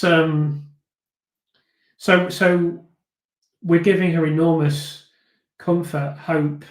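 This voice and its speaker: A man hosting a live stream, chatting casually and thoughtfully as he reads viewer comments, with frequent fillers and restarts. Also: a little high. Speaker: host of a live viewer discussion. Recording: echoey room.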